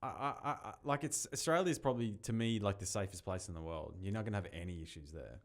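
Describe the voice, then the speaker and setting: A man with a fairly low voice hosts a relaxed podcast chat. He sounds easygoing and offers advice in a loose, unhurried way, often breaking into laughter. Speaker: podcast host. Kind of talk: casual podcast interview.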